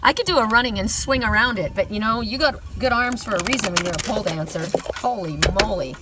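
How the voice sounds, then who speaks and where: A woman's voice: a little high, lively intonation, fast talker, far from the mic, noisy background. A middle-aged woman giving a casual oracle card reading, chatty, often laughing, whooping and swearing.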